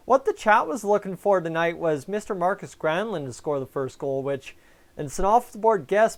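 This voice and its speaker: A man's voice: fairly high pitch, clear, resonant tone. A young man hosting a live fan stream, chatting casually about the game and answering viewers by name over a headset mic. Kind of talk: casual fan commentary and chat replies.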